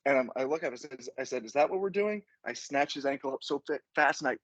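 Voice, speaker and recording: A man's voice: mid-range voice, fairly even intonation, fast, fairly bright tone, dry recording, dull audio. A man, a podcast guest, telling a rambling, profane story in casual chat and laughing as he goes.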